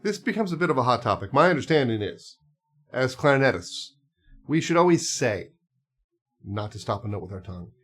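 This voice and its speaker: Male music teacher, mid pitch, easygoing explainer with fillers. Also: brisk, breathy edge. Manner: relaxed, explains with asides and fillers. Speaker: clarinet teacher. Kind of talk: casual instructional talk.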